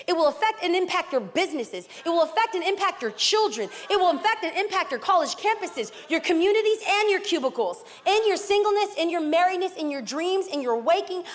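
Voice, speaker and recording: A woman pastor from East Los Angeles preaching a sermon, emphatic and dramatic with playful asides. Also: very high voice. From East Los Angeles, California. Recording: long hall reverb.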